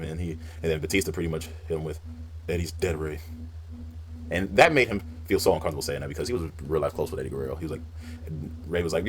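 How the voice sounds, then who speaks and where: Deep-voiced fast-talking man recapping. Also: slight background noise. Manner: fast, rambling recap with acted-out quotes. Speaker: wrestling list narrator. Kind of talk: recounting wrestling storylines.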